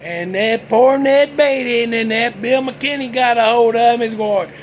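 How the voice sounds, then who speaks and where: A man's voice: very high-pitched, moderate pace, slight background noise. A man, hosting a casual movie talk vlog as a folksy, joking storyteller. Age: 60s. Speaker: host.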